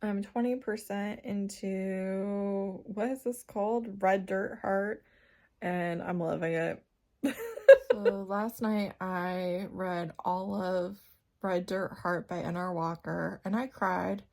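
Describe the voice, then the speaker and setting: A woman's voice: mid-range voice, steady tone, slow pace, darkish tone. A woman book vlogger chatting casually about her reading, laughing often and getting tearful when a story moves her.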